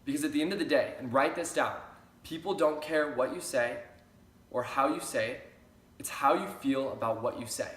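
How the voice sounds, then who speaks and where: A man's voice: mid-range voice, normal speed, a bit bright. A young man giving an upbeat sales training talk, repeating key phrases for emphasis. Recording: roomy echo.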